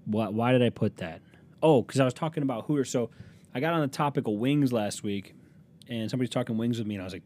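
A man's voice: lowish voice, fast talker, a little mellow. A young man hosting his own podcast alone at a desk microphone, telling crude, rambling, self-mocking stories. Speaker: podcast host. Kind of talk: solo comedic podcast monologue. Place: small room at a desk, recording alone.

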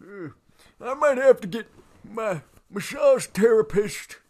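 A scatterbrained old man hosting a podcast, performed by a man. His voice sits high and keeps wandering from one silly tangent to the next, forgetting what he just said. It is loose, improvised sketch comedy. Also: lively intonation, slow, a little mellow. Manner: goofy, rambling, easily sidetracked. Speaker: podcast co-host.

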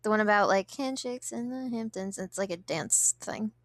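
A woman's voice: mid-range voice, moderate pace, no room sound. A woman in her twenties, a guest on a podcast, telling stories in a chatty, giggly way. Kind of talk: casual chat.

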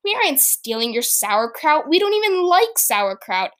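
A woman's voice: high-pitched, very animated, moderate pace, fairly bright tone, pitched above the performer's own voice. A woman reading out the lines of a haughty young princess from her own story. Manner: read aloud from a written story.

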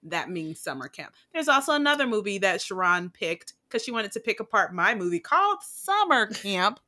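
A woman's voice: medium pitch, very animated, moderate pace, hardly any pauses, sharp tone. A woman co-hosting a podcast in casual chat, blunt and profane, often laughing and going off on tangents. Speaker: podcast co-host.

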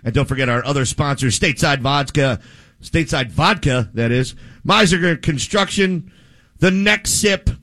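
A man hosting a sports radio show in casual chat, energetic and joking, rambling through introductions. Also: a little high, moderate pace.

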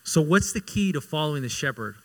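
A man preaching a sermon as pastor, conversational and repetitive for emphasis, moving between loud emphatic bursts and quiet intimate asides. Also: on the high side, expressive, brisk, rough recording. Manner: conversational, repeats himself for emphasis.

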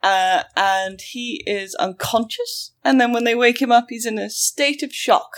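Woman host, lively sarcastic storyteller, fairly high voice. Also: a little slow. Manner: animated, sarcastic, acts out quotes. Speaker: podcast host telling a story. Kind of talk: casual storytelling chat.

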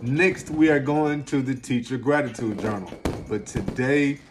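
Energetic slangy man, motivational vlog. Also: mid-range voice, measured pace, noisy background. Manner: energetic, slangy, emphatic, swings between loud and soft. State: close to tears at times. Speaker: self-help video host. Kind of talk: motivational casual talk to camera.

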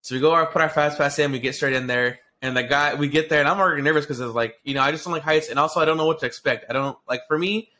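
A man's voice: a little high, rapid-fire, few pauses. A man co-hosting a casual podcast, telling a long rambling story full of swearing, restarts and fillers. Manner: excitable, profane storyteller. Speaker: podcast co-host.

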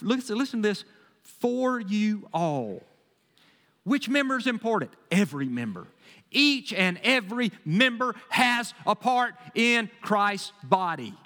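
A man preaching from the pulpit, his voice high and bright with a sharp edge. He swings from ringing, emphatic bursts down to quieter, folksy asides. The sanctuary's long reverb trails after every line. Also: big pitch swings, measured pace. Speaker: pastor. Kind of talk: sermon. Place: church sanctuary.

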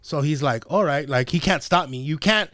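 Young male podcast host, swearing storyteller, slightly high voice, dry close sound. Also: moderate pace, no echo. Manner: profane, animated, acts out quotes. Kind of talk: casual storytelling chat.

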